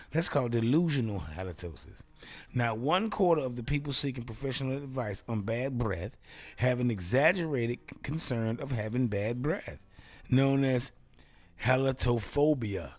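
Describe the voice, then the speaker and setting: A man's voice: mid-range voice, lively intonation, moderate pace, a little mellow. A male talk show host in a casual solo show, riffing playfully and laughing at his own jokes. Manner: playful, self-amused riffing.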